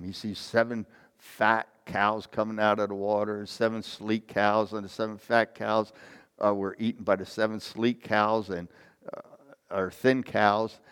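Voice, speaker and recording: A man's voice: lowish voice, clean tone. A man preaching a sermon, retelling a Bible story in an informal way, often correcting himself as he goes and reading out verses. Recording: long hall reverb.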